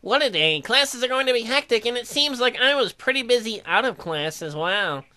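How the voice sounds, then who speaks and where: A woman reading dating-sim narration aloud in a deadpan way, broken up by crude joking asides. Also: fairly high pitch, moderate pace.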